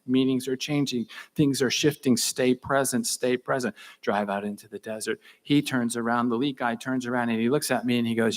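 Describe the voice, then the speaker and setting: An older man telling a tense personal story on a conference stage, intense and dropping into hushed whispers for emphasis. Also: mid-range voice, fairly even intonation, a little fast, few pauses. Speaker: conference speaker. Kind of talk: dramatic keynote storytelling.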